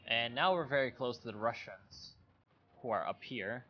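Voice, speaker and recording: A man giving relaxed, low-key commentary while playing a strategy game, thinking aloud as he goes. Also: normal speed, husky, highs cut off. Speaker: gameplay commentator. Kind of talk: casual let's play commentary.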